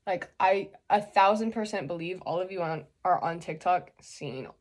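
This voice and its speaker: A woman's voice: lowish voice, normal speed. A young woman hosting a casual makeup tutorial, chatty and joking as she explains each step.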